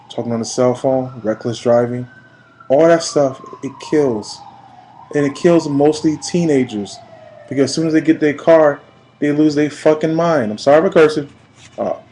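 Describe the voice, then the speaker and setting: A man in his late thirties from New York, giving an emphatic, preachy personal video message that swings between quiet and loud. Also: mid-range voice, slight background noise, poor audio. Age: 30s. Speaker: vlogger.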